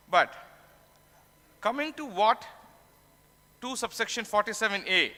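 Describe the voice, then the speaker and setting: A tax conference speaker lectures in a large conference hall, his high-pitched voice pushed and bright. He explains terms and poses questions to himself before answering them.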